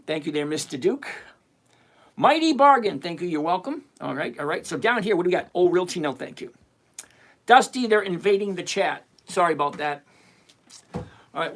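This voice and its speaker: Animated man hosting a trading livestream. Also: high voice. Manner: animated, teasing, emphatic with repetition. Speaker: livestream host answering chat questions. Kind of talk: casual livestream chat.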